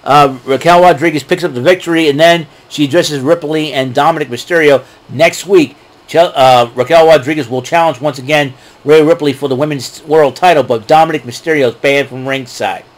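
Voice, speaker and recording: In a fairly high, brisk voice, a wrestling recap host goes over the events solo. He rambles casually, uses plenty of fillers, and laughs at his own jokes.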